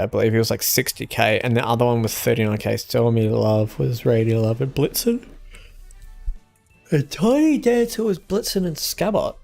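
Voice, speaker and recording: Gravelly young man chatting on stream. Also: fairly low pitch. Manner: relaxed, chatty, answers chat with small laughs. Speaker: gaming streamer. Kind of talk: casual game stream chat.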